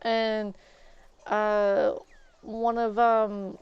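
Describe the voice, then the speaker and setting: A woman's voice: medium pitch, very slow, clear, resonant tone, dry recording. A young woman streamer casually telling a rambling story from her school days while she plays, acting out the back-and-forth of what people said. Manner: rambling, animated retelling with quoted exchanges. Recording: dull lo-fi stream audio.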